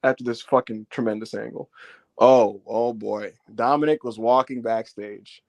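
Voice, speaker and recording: A man's voice: medium pitch, steady tone, normal speed, vocal fry, darkish tone, lo-fi sound. A man co-hosting a wrestling review podcast, telling it animatedly, acting out quotes and swearing freely. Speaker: podcast co-host. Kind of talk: casual wrestling review chat.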